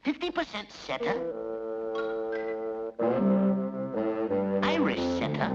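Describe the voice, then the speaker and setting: A man's voice: very high-pitched, heavily acted. A man voicing a pushy stray male dog in a 1940s cartoon, boastful and theatrical. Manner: boastful, rapid shifts into frantic melodrama. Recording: lo-fi old cartoon soundtrack with music.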